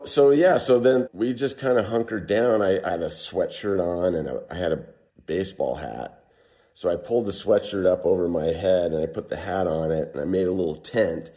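Man, very low voice, casual storytelling, animated, lots of "like". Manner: animated, heavy use of "like". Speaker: guest telling a survival story.

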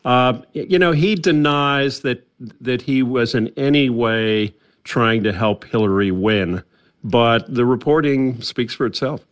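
A man's voice: medium pitch, a little slow. A male journalist talking as a guest on a radio news interview, conversational, with frequent restarts.

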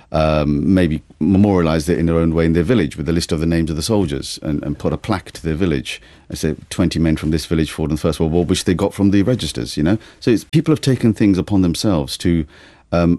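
Male radio guest, extremely deep voice, calm explainer, dry mic. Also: no echo. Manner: measured, explanatory, with fillers. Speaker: guest, heritage researcher. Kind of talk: radio discussion.

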